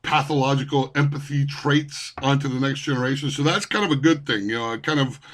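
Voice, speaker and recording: A man's voice: medium pitch, a little fast, a bit bright. A man delivering an angry, profane rant to camera, heated and cursing, often stumbling and repeating words. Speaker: vlogger ranting.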